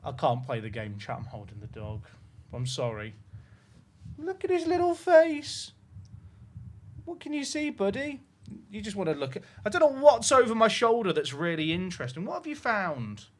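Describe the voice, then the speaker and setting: Man cooing in lively baby talk. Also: sits high, moderate pace. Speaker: game streamer. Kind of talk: casual livestream chat. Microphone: headset.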